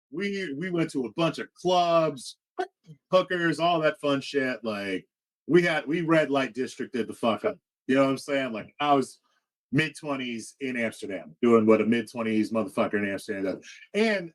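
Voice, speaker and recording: A man in his forties from the United States, telling a story as a podcast co-host in crude, animated casual chat. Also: mid-range voice, poor audio.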